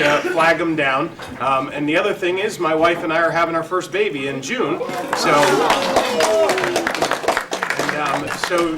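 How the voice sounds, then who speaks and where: A young man, a state senator, speaking casually and a little hesitantly to a senior center gathering. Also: on the high side. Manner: casual, hesitant, with many fillers. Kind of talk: informal speech at a community event. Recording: distant mic with noise.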